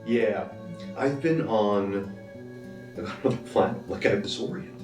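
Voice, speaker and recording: A man who was adopted speaks in a documentary interview with quick, animated talk. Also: lowish voice. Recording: echoey distant mic with guitar music.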